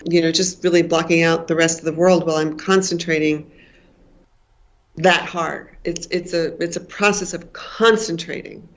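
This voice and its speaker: Sixty-something woman author, slow thoughtful answers, kinda muffled lo-fi sound. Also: sits low, fairly even intonation. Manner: thoughtful, repeats words while searching for phrasing. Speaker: novelist guest. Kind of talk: reflective interview answers. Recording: dull lo-fi remote audio.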